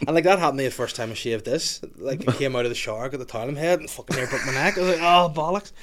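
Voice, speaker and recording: This is a man, spinning stories in a relaxed podcast chat. He talks animatedly and breaks into laughter often. His pitch sits at an ordinary middle height. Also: rapid-fire, noisy background. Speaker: podcast guest. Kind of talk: casual chat.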